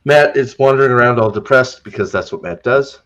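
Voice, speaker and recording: A man's voice: medium pitch, fairly quick, fairly bright tone, lo-fi sound. A man hosting a podcast in a casual, sarcastic rant, stumbling over his words as he mock-retells scenes. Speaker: podcast host.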